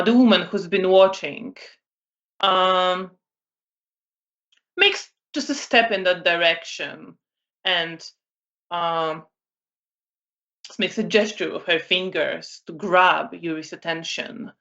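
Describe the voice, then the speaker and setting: A woman narrating a tabletop role-playing game as storyteller, in an unhurried way with many fillers. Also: lowish voice, a bit bright, highs cut off.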